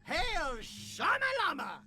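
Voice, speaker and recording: A shrill, zealous cultist from a video game, played by an actor, swinging wildly up and down in pitch. The delivery is slow and drawn out, with high notes stretched long. Loud game music runs beneath the voice. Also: huge pitch swings, exaggerated voice. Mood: fervent.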